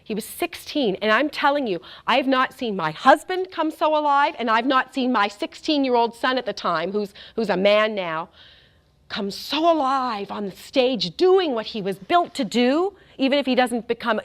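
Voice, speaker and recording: A woman's voice: on the high side, expressive, normal speed. A middle-aged woman giving a faith talk, telling a story with animation and speaking directly to the crowd.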